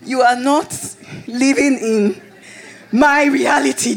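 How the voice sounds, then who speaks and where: A woman pastor preaching a sermon, telling a personal story in an animated way that rises into excited shouts. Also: high-pitched, slow pace.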